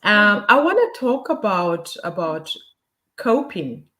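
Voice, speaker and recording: A woman's voice: medium pitch, big pitch swings, slow, fairly bright tone. A woman co-hosting a talk show, steadily leading segments and posing questions to listeners. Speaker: co-host.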